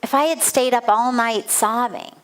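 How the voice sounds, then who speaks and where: At normal speed and in a voice on the high side, a middle-aged woman teaching spirituality relates a personal story in a satsang talk. Earnest emphasis and repetition color her vivid telling.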